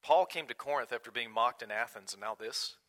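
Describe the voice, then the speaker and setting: A man preaching a sermon in an earnest way, swinging from loud emphasis to quiet, hushed asides. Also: mid-range voice, a little fast. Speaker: pastor.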